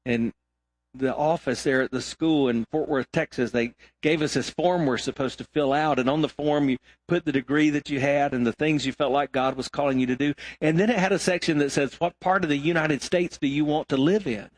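A middle-aged man preaching a sermon as pastor, emphatic, swinging between loud exhortation and quiet asides. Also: a little high, fairly quick, no echo.

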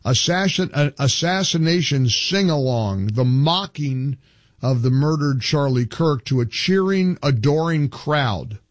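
A man's voice: a little high, animated, unhurried, dry recording. A male talk show host giving emphatic opinion commentary, reading from articles and building into indignant outbursts.

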